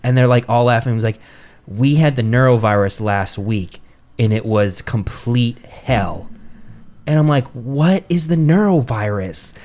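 A man's voice: unhurried, a little mellow. Swearing young man telling a story. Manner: swears freely, acts out quotes with rising pitch. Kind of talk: casual chat, animated storytelling.

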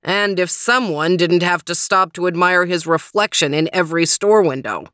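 A woman voicing a sharp-tongued male dog in a storybook reading. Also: lowish voice, normal speed, dry recording, clean studio sound, natural voice. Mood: snippy.

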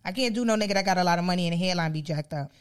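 A young adult woman co-hosting a casual podcast chat, playful and quick to laugh. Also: clean tone. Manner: animated, playful, laughs often, swoops high for emphasis. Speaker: podcast co-host.

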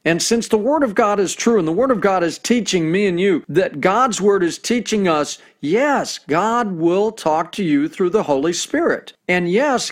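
A middle-aged man preaching with earnest conviction, his voice sitting a little higher than most men's. He slows down deliberately whenever he reads scripture aloud. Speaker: pastor. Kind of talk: sermon.

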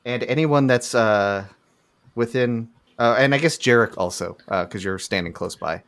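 A man running a tabletop game as game master, narrating in a relaxed way with chuckles. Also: medium pitch, normal speed. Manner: relaxed, loose with fillers and chuckles.

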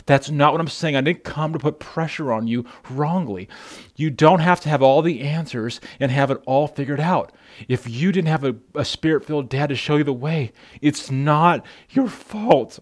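A man preaching a sermon as pastor, speaking straight to the listener, often repeating words and building to loud, passionate appeals. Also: fairly high pitch, moderate pace. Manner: speaks directly to the listener as brother.

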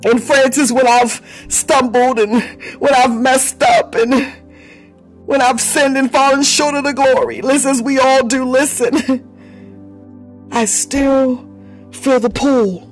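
A high-pitched woman's voice with fairly even intonation takes things slowly over faint background music. She leads a fervent live prayer, preaching in repeated phrases, breaking into tongues and laughter between phrases and calling on listeners by name, all in an impassioned manner.

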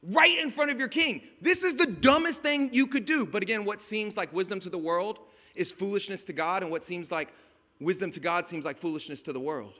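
A man preaching a conversational sermon as a pastor, rising to emphatic shouts. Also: sits high, fairly quick, in a large hall. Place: outdoors at a beach gathering.

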